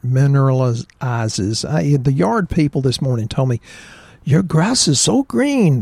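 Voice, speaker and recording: A man with a gravelly voice co-hosts a casual health talk, opinionated and lively as he tells stories. He is recorded close and dry, with no room sound. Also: mid-range voice, dry recording. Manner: opinionated, animated storyteller. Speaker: podcast co-host, chiropractor.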